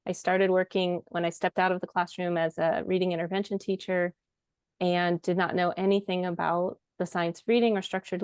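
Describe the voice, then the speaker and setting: Smooth-voiced woman in her fifties. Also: lowish voice, no room sound, clean studio sound. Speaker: literacy trainer. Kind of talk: panel introduction.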